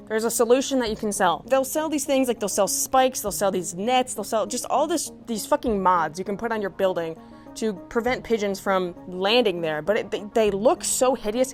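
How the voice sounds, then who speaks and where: A woman giving a comedic rant monologue, exasperated, swearing and animated. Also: mid-range voice. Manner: profane, exasperated, animated ranting. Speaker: comedic commentator.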